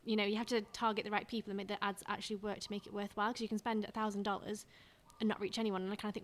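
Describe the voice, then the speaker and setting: Quick-talking woman on a video call, candid and chatty. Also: mid-range voice, level tone. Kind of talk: casual video call chat.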